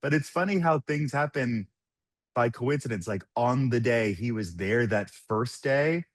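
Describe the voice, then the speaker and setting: A man in his thirties, a podcast guest telling sober-life stories in casual talk, animated and laughing often as he quotes others. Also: medium pitch, a little slow, dry recording, studio quality. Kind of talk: casual storytelling.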